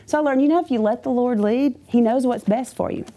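A woman's voice: fairly high pitch, brisk. A woman giving a chatty personal testimony to a church congregation, with many asides. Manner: chatty, animated storytelling with asides.

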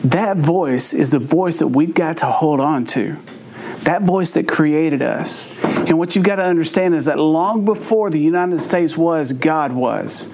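High-voiced preacher, folksy and joking. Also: male voice, unhurried, darkish tone, slight background noise. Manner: folksy storytelling, playful asides. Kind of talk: humorous sermon.

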